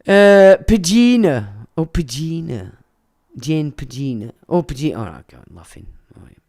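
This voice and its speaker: Ranting man, lively pitch. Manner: crude, ranting, profane; laughs while talking. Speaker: livestream host. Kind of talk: casual livestream chat, reading viewer comments.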